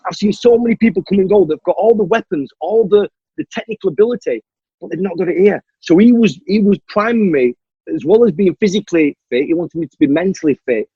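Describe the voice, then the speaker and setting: A man tells his story fast and animatedly, acting out every exchange. His voice is husky and slightly high. The recording is dry and muffled. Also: no room sound. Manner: animated storyteller who acts out the dialogue. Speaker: guest, stuntman and martial artist. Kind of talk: storytelling in a podcast interview. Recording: dull, dry lo-fi audio.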